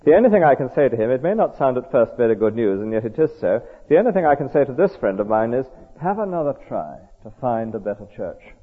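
A man preaching a sermon in an earnest, measured, conversational way. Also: mid-range voice, very animated, husky. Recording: tinny echoey hall recording.

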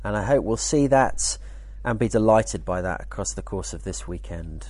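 A man teaching at a church weekend, speaking in a conversational, lively way with jokey asides. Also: on the low side, normal speed, dry recording. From United Kingdom. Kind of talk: teaching talk.

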